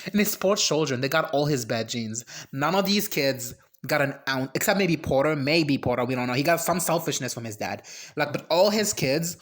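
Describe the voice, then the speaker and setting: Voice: medium pitch, expressive, normal speed. A reaction video host in casual commentary, ranting and swearing, breaking into laughs and restarting sentences. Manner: ranting, profane and heated; laughs and trails off mid-sentence.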